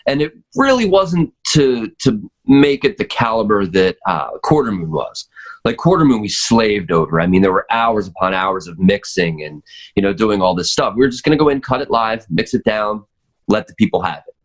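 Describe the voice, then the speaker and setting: A man's voice: on the low side, animated, moderate pace. A man who is a drummer, chatting as a podcast guest, rambling with lots of fillers and restarts. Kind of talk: casual chat.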